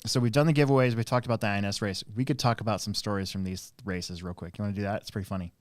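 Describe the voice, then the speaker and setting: Low-voiced man telling rambling stories. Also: fairly even intonation, rapid-fire, dry recording, clean studio sound. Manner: rambling anecdotal storyteller, many fillers. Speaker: host and RC track operator. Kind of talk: casual live-stream chat.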